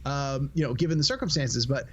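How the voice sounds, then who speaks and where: A man's voice: medium pitch, fairly quick, muffled recording. A man co-hosting a movie review podcast, talking in a reflective, casual way and often repeating words as he thinks. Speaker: podcast co-host.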